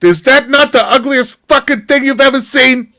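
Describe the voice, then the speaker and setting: A man voicing an indignant older woman who complains loudly and scornfully. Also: extremely high pitch, moderate pace, voice pushed up. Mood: scornful outrage. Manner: exaggerated, outraged complaining.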